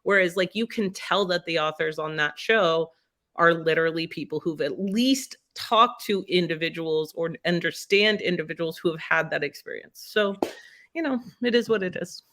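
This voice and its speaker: A woman's voice: on the low side, normal speed, fairly bright tone. A woman talking as a writer guest on a podcast, earnest and reflective, speaking from her own experience in casual conversation.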